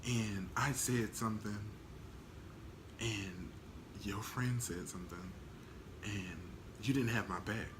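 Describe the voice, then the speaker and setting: A man's voice: on the low side, takes it slowly, long pauses, very noisy. A man talking casually to camera in a blunt, candid, slangy way, laughing now and then. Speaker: vlogger.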